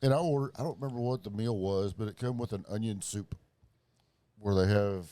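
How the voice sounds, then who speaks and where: A man on a casual podcast, telling a story in a rambling, profane way with lots of fillers and restarts. His voice sits on the low side. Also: a little fast, mellow. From Springfield, Missouri area. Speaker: podcast co-host.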